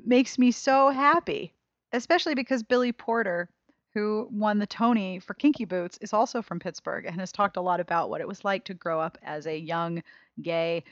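A woman's voice: medium pitch, no echo, muffled recording. Gushing woman podcast host, dry sound. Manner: gushing and enthusiastic. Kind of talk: casual podcast chat reading listener emails.

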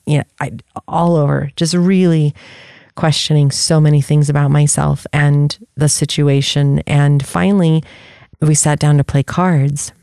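Candid, warm-voiced podcast host. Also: mid-range voice, fairly even intonation, unhurried, creaky, clean tone, no echo, clean studio sound. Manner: candid, searching, with frequent restarts. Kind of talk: personal reflective talk.

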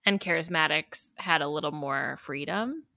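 A woman's voice: low voice, moderate pace, bright, forceful tone, no echo, studio quality. A woman co-hosting a podcast, chatting casually with many fillers and easy laughter. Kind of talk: casual chat.

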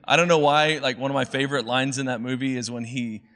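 Speaking quickly in a mid-range, slightly bright voice with fairly even intonation, this man in his thirties gives a chatty sermon as a pastor. He fills it with fillers and playful asides, including movie lines delivered in playful voices.

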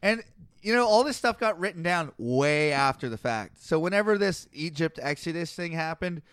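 Brief: male podcast host, high smooth voice, dry close mic, reads verses then cracks jokes. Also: animated, moderate pace, fairly bright tone, no echo. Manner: reads scripture aloud then riffs, laughs often. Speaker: podcast host reading the Bible. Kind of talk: casual comedic chat.

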